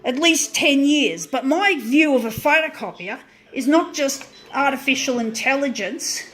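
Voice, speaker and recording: A woman's voice: high voice, measured pace, a bit bright. A woman running a small print business who rants angrily and with heavy swearing about her photocopier. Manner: swears heavily, frustrated, restarts sentences. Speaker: small business owner ranting on video. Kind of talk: angry profane rant.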